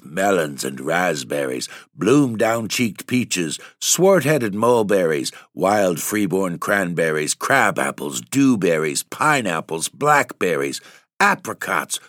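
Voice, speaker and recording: A man's voice: low-pitched, a bit bright, no room sound, clean studio sound. A man hosting and reading a long poem aloud in an ominous, theatrical way. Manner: ominous, drawn-out theatrical delivery. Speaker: narrator and host.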